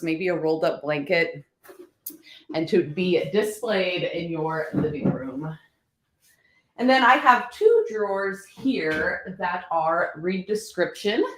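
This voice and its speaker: A woman's voice: on the low side, reverberant. A woman chatting casually and upbeat to viewers about her thrift finds. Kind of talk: casual haul vlog.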